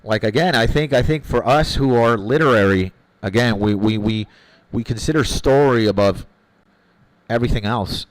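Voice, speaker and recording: A man's voice: mid-range voice, normal speed, no room sound, poor audio. Guy streaming and chatting w viewers, mid voice, swears a lot, repeats himself, dry close mic. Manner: opinionated, swears freely, repeats himself while thinking. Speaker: game streamer. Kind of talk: casual live-stream chat, answering viewers.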